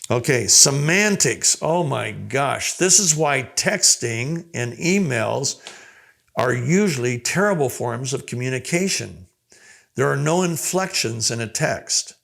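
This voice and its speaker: An older man teaches in a relaxed, conversational way, and his voice has a gravelly edge. He now and then acts out brief quoted lines to make a point. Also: mid-range voice, slow pace. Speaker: communication coach. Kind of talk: teaching talk to a group.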